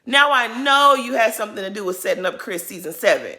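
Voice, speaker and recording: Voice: medium pitch, expressive, a little fast, pushed and bright. A commentator giving sassy, casual reaction commentary on a reality show, talking straight at the cast.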